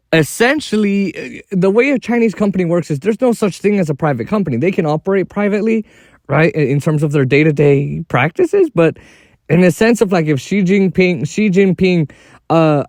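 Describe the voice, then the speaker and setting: A man talking through a casual podcast monologue in a fairly high voice. He rambles, stacks up fillers and chuckles at his own points. The sound is dry and close, with no room in it. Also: no room sound. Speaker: podcast host. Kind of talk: casual solo commentary.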